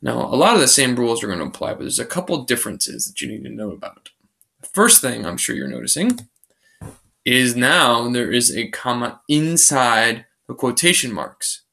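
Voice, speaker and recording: A man's voice: mid-range voice, big pitch swings, normal speed, creaky, sharp tone. A male teacher recording a screencast tutorial, explaining grammar rules patiently and step by step. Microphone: computer microphone for a screen recording.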